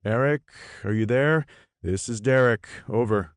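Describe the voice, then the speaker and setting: A man's voice: fairly low pitch, animated, a little slow, darkish tone, dry recording, studio quality, voice pushed up. A man voicing a determined, blunt male team leader in an audiobook, firm and clipped.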